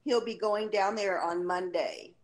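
A woman's voice: mid-range voice, steady tone, a little slow, crowd noise. A woman calling in to a group livestream, giving a loose, chatty update and searching for words as she goes. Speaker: caller, brigade member. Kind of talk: casual call-in update.

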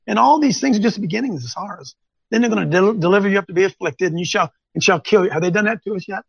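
A man hosting a Bible teaching show, preaching informally to camera in an animated, rambling way with folksy asides. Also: high-pitched, rapid-fire, vocal fry, husky, dry recording, dull audio. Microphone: on camera, wearing glasses.

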